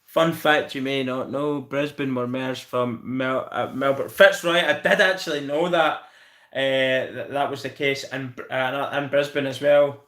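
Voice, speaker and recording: A Scottish man hosting a live stream, chatting in a rambling, excitable way and swearing freely. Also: mid-range voice, unhurried, reverberant. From Scotland. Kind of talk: casual live-stream chat.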